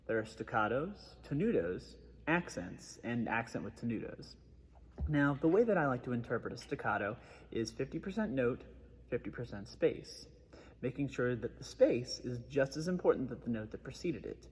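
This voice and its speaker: A man's voice: medium pitch, husky, in a large hall. A man giving a methodical trombone lesson, explaining articulation step by step. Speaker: trombone teacher. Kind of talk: instructional music lesson.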